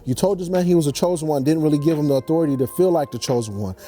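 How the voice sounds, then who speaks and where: A young man telling a movie story as a comedic rant, slangy and animated, slipping into quick character voices. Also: fairly high pitch, faint music behind. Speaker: comedy vlogger.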